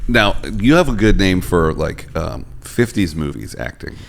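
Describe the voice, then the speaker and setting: A male podcast host in casual comedic chat, playful and quick to slip into mock announcer voices. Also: sits low, lively intonation, gravelly. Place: room near a street.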